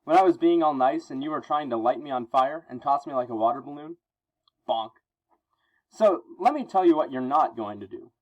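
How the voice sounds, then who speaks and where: A man's voice: mid-range voice, animated, moderate pace, muffled recording, close to an everyday voice. A man reading aloud as a wisecracking masked teen superhero, jokey and frantic. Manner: jokey, frantic, self-mocking.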